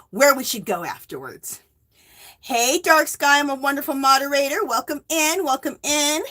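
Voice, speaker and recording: Woman, 50s, West Coast, livestream host; bright, somewhat high voice, chatty and rambling. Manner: chatty, greets viewers by name, rambling asides. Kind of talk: casual livestream chat.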